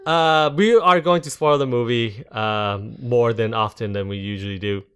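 A man's voice: mid-range voice, normal speed, smooth. A man co-hosting a casual movie podcast, rambling, tripping over names and laughing at his own jokes. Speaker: podcast co-host. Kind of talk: casual movie review chat.

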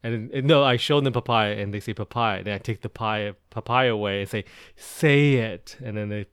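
A man's voice: lowish voice, fairly even intonation, fast, fairly bright tone, clear, resonant tone, dry recording, studio quality. A man guesting on a podcast, goofing around with playful jokes. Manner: goofy, playful joking. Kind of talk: casual podcast chat.

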